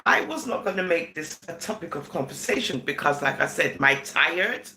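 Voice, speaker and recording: A woman's voice: on the low side, lively intonation, normal speed, sharp tone. A woman vlogger giving casual commentary, giggling between sentences and slipping into Caribbean-style phrasing. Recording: echoey room.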